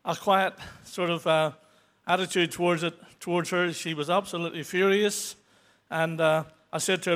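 Man, 60s, testimony at church, earnest and stumbling, higher voice. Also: steady tone, fairly bright tone. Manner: halting, many restarts and fillers; earnest, grows emotional toward the end. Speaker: church member giving testimony. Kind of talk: unscripted testimony.

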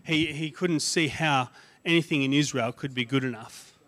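A man's voice: medium pitch, normal speed, fairly bright tone, long reverb tail. A man preaching a sermon, retelling a story with many restarts and fillers.

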